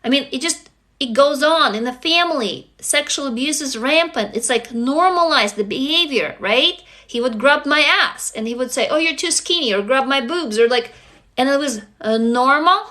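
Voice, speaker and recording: Intense high-voiced woman. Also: animated, normal speed, bright, forceful tone. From Russia. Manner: raw, intense, profane, repetitive. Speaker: livestream host. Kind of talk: emotional livestream monologue.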